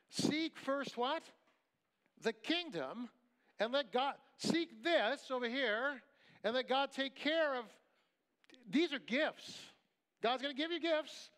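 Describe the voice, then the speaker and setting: Middle-aged male pastor, high voice, emphatic conversational preaching with soft storytelling asides, live stage mic. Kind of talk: sermon. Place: camp meeting hall.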